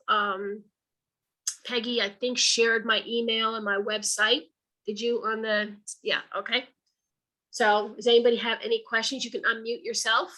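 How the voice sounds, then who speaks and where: A woman's voice: a little high, rough recording. A woman giving a talk over a video call, telling stories in a chatty, folksy way and acting out the dialogue. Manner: lively, chatty storytelling that acts out quoted dialogue; colloquial, folksy phrasing. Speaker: author and speaker. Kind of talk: storytelling talk to an online audience.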